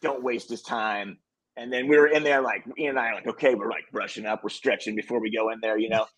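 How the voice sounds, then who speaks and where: A man in a casual interview, acting out other people's lines as he tells stories from film sets. His voice has a slight husky edge. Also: fairly low pitch, fast, rough recording. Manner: animated storyteller acting out quotes. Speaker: film director guest.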